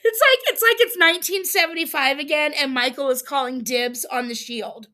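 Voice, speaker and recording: A woman's voice: high voice, moderate pace, bright, forceful tone. A woman hosting a livestream, casually recapping a reality show episode, chatty and amused with frequent ums and laughs. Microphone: streaming setup, close mic.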